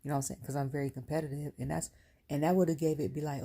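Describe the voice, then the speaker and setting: A woman's voice: sits low, a little fast, gravelly, slightly rough. A woman, a parent, giving a casual, blunt, slangy rant as a wrestling show reviewer. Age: adult with a son. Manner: animated, blunt, slangy ranting. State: near tears. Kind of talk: casual ranting commentary.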